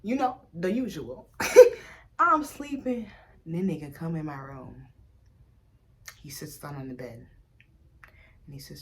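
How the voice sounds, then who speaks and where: A young adult woman from Africa talking candidly in a casual vlog, blunt and profane, jumping from loud outbursts to low mutters. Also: lively intonation, unhurried, pauses often. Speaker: vlogger.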